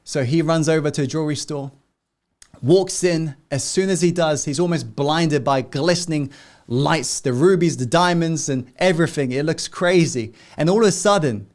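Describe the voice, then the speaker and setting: Earnest man narrating a motivational story. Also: a little high.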